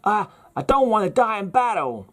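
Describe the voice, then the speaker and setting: A man's voice: a little high, big pitch swings, a little slow, warm tone. A man voicing a young male Southern soldier from the Civil War with a strained put-on drawl. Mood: pleading.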